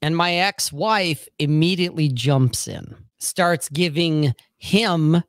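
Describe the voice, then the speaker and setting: A man's voice: a little high, slow, dry recording. A man telling a personal story in casual podcast chat, blunt and profane, often checking in with "okay?".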